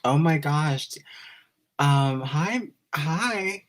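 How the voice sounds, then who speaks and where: A man's voice: on the low side, measured pace. Gushing, giggly man on a live stream. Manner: gushing and giggly, greets viewers by name. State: emotional, close to tears. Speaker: YouTuber hosting a live stream. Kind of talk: live-stream chat with viewers.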